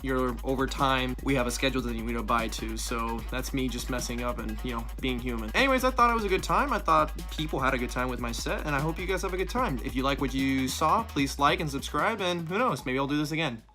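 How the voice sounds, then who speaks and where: A man in his twenties talking casually to camera in a slightly halting way. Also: medium pitch, sing-song. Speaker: vlogger. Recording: talk over loud background music.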